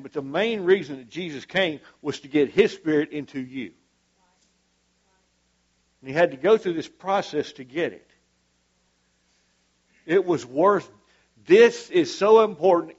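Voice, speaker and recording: A man's voice: a little high, measured pace, long pauses, slightly rough, dull audio. A man preaching a sermon to a church congregation, fervent and emphatic, repeating his points for weight.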